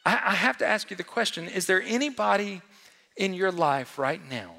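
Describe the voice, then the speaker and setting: A man preaching a sermon to a congregation, swinging between loud emphatic lines and hushed ones and asking the room questions. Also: sits high, lively intonation, moderate pace, gravelly. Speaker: pastor. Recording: long hall reverb.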